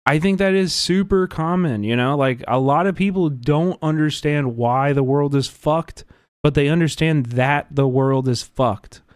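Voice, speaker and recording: A man talks casually on a livestream, rambling and earnest with plenty of fillers. His voice sits a bit high, and the sound is dry and close, with no room around it. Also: unhurried, smooth, dry recording. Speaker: livestream host.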